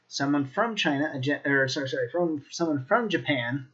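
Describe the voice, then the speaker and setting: A fairly high-voiced American man leads a video language lesson, relaxed and patient, saying each new word several times slowly. The recording sounds dull and lo-fi, as if from a home desk setup. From United States. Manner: relaxed, repeats words slowly for learners. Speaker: language teacher.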